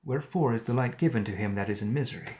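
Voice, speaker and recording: A man's voice: mid-range voice, dark tone, a little hiss or hum. A man reading the Bible aloud on a live stream, stopping now and then to paraphrase old words and add his own comments. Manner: reads archaic text, pausing to paraphrase words and comment.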